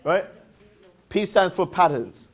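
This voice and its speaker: A man's voice: high-pitched, lively intonation, takes it slowly. A man with an English accent giving an interactive motivational seminar, upbeat and playful, drilling his audience with call-and-response questions and teasing jokes. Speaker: seminar presenter.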